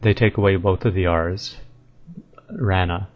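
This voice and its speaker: Male gamer, low-ish voice, easygoing commentary, sounds out words carefully; dull home mic, faint hiss. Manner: relaxed, thinking aloud, tries out words slowly. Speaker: video game guide maker. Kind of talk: casual commentary over gameplay.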